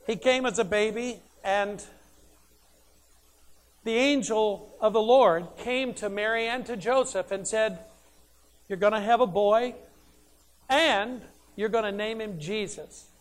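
A man's voice: sits high, slow pace, pauses often. A man preaching a sermon, emphatic and conversational, who asks questions and answers them himself.

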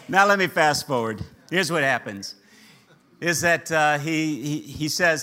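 A man preaching a sermon, animated, acting out the characters' voices. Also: on the high side, slow, pauses often. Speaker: pastor.

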